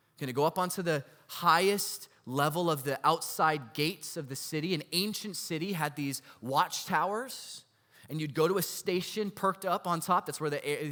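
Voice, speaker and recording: A man pastor preaching a sermon in an animated, storytelling way, often asking the congregation rhetorical questions. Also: on the high side. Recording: long hall reverb.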